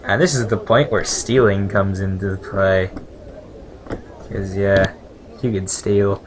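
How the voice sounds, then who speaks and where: A man casually playing a role-playing game, reading its text aloud and adding quick asides. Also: on the low side, a little hiss or hum, poor audio. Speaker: let's play gamer. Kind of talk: casual let's play commentary.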